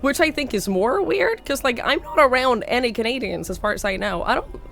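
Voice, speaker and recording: A young woman from Norway with a slight Norwegian accent, speaking hoarsely while sick, chatting casually on a live stream and thanking viewers by name. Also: a little high, expressive, fairly quick, a bit bright, faint music behind. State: hoarse, sick with a sore throat.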